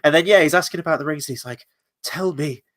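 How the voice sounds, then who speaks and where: A man's voice: a little high, racing, a bit bright. A man chatting casually in a review, often mimicking characters in mock voices. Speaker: co-host reviewer.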